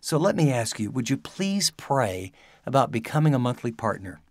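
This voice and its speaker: A man's voice: medium pitch, big pitch swings, moderate pace, dry recording. Man talking straight to listeners, earnest, dry studio sound. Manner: earnest, conversational. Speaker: ministry leader. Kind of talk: direct appeal to listeners.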